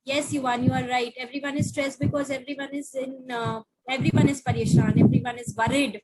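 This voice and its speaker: A woman teacher reading a picture book to young children over a video call, asking them slow, coaxing questions. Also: sits high, level tone, darkish tone, husky, low-quality recording.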